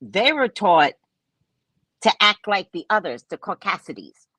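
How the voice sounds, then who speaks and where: A woman host telling a story in casual chat, mocking and animated, laughing often and jumping high when exasperated. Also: measured pace, dry recording. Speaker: podcast host.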